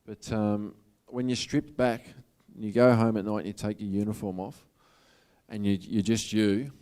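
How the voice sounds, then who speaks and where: A man with an Australian accent speaks as a motivational speaker in a casual, earnest way. His voice sits fairly low and sounds smooth and resonant. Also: level tone, moderate pace, warm tone. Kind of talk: public talk to an audience.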